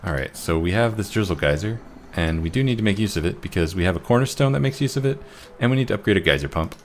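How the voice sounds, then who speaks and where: A man's voice: deep voice, expressive, fast, slight background noise. A man casually commentating a strategy game he is playing, muttering to himself in a wry, self-mocking way, with faint game music and keyboard typing behind him. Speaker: gameplay commentator. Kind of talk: casual let's-play commentary.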